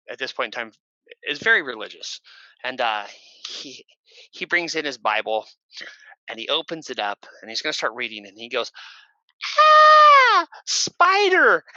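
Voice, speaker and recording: Man, podcast guest, casual rambling talk, bright tone, dry close sound. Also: no echo, highs cut off. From Oregon, USA. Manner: rambling, many fillers and restarts; bursts into shrill shouted imitations. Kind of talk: casual storytelling.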